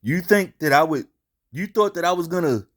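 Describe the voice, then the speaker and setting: A man's voice: fairly high pitch, lively intonation, normal speed. A man hosting a casual commentary show, speaking bluntly and profanely and repeating himself for emphasis. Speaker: commentary channel host.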